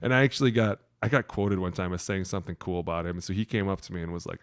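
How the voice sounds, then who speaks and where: A man's voice: fast, few pauses, no echo, studio quality. A man co-hosting a casual football podcast, telling locker-room stories, acting out referees and swearing freely. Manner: animated storyteller, acts out referees with big pitch jumps, swears freely. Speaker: podcast co-host, former NFL lineman.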